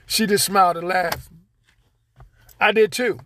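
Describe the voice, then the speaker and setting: A man's voice: high voice, steady tone, measured pace, fairly bright tone, slight background noise. A man hosting his own podcast, rambling and joking in loose slang straight to his listeners. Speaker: podcast host. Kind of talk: casual solo monologue.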